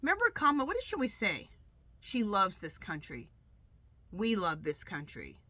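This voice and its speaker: A woman tarot reader talks to her viewers in a loose, rambling way, often restarting her sentences. Her voice is bright and forward, and her nose is stuffed up from allergies. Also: mid-range voice, wildly swooping pitch, moderate pace, dry recording. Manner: chatty, rambling, many restarts. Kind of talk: casual monologue to camera.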